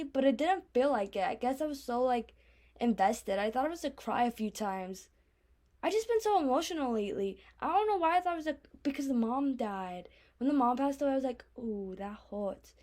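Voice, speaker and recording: Chatty young woman, slightly high voice. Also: animated, a little fast, darkish tone. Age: 20s. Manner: rambling, filler-heavy, chatty. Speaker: podcast host. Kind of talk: casual solo chat.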